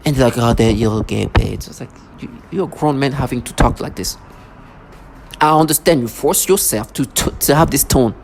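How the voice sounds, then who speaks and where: An agitated man rants in a vlog monologue, his mid-range voice tripping over restarts. The recording carries clear background noise. He keeps circling back with fury and contempt. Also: mid-range voice, brisk. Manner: agitated, ranting, stammering restarts. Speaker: vlogger. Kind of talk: angry monologue. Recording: noisy recording.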